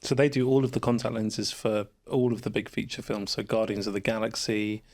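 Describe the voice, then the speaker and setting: A man's voice: lowish voice, little pitch movement, fairly quick, a little mellow. A man who works as a special effects makeup artist, explaining his work plainly in casual chat.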